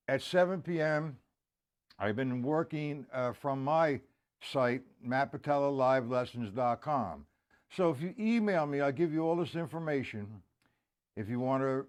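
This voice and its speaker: A man's voice: medium pitch, expressive, measured pace. A man teaching a live-streamed drum lesson in a casual way. He greets viewers by name and counts beats aloud. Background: drums and music.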